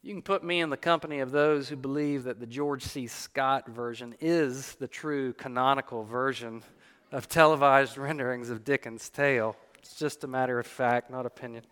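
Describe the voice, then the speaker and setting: A man preaching a sermon, telling a story in an animated way with the odd light laugh. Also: mid-range voice, normal speed, clean tone, in a large hall.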